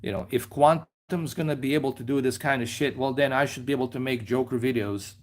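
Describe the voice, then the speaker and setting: Man, mid pitch, loose rambling livestream host talking from his lounge. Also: fairly quick, darkish tone. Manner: rambling, loose, with many fillers and trailing asides. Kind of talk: casual livestream chat. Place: lounge at home.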